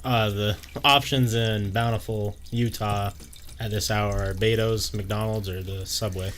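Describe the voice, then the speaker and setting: A man's voice: lowish voice, fairly even intonation, unhurried, a bit bright, slight background noise. Laid-back man cohosting a podcast. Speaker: podcast host. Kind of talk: casual chat.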